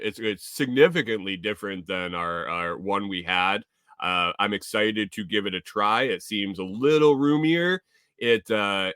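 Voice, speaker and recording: A man's voice: fairly low pitch, bright, forceful tone, smooth, dry recording, studio quality. A man from Minnesota hosting a casual livestream, rambling through viewer comments and laughing often. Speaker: livestream host.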